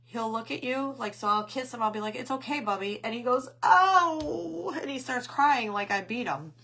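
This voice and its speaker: A woman's voice: on the high side, brisk, fairly bright tone. A middle-aged woman hosting a craft channel, chatting casually on a live stream and telling rambling family stories. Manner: greets viewers mid-story.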